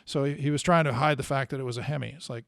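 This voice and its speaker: A man's voice: medium pitch, fairly even intonation, rapid-fire, gravelly, fairly bright tone, dry recording, studio quality. A man casually telling a long, rambling car story, full of fillers and restarts. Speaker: co-host telling car stories.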